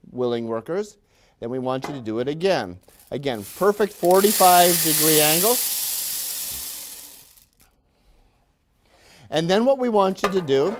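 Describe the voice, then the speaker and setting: A man's voice: on the high side, a little hiss or hum, lightly acted. Man playing a pompous, cheery factory boss. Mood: patronizing cheer. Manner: falsely cheerful, condescending and scolding. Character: pompous, patronizing male factory manager. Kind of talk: classroom role-play demonstration.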